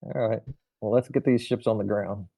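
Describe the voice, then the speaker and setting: A man playing in a tabletop game, casual and relaxed in his replies. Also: fairly low pitch, normal speed, creaky. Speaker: player. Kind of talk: casual chat.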